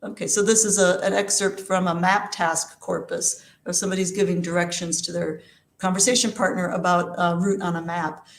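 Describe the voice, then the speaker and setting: A woman's voice: lowish voice, flat delivery, normal speed. Woman lecturing in an echoey room. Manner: explanatory, with many fillers and restarts. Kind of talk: academic talk.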